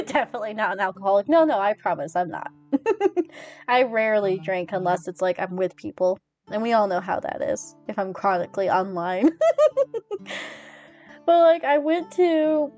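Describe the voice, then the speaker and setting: A woman's voice: medium pitch, a little mellow, lo-fi sound. A young woman streaming from home, chatting casually with her viewers and giggling constantly.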